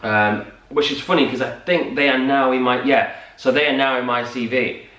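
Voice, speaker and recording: A man's voice: medium pitch, moderate pace, bright, forceful tone, far from the mic. Lancashire man chatting in a roomy room. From North West England. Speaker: co-host, musical theatre performer. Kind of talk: casual morning chat. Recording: roomy, from off-mic.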